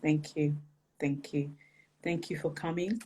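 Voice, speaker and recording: A podcast host interviewing a guest, speaking in a gentle, grateful, unhurried way. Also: mid-range voice, fairly even intonation, a little hiss or hum, poor audio. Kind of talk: interview conversation.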